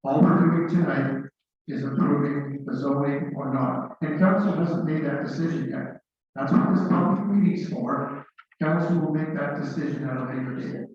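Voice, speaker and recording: A man's voice: fairly high pitch, fairly even intonation, moderate pace, soft background music. Matter-of-fact man chairing in echoey hall. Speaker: meeting chair. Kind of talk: chairing a public meeting. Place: council chamber. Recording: echoey hall, long reverb, muffled sound.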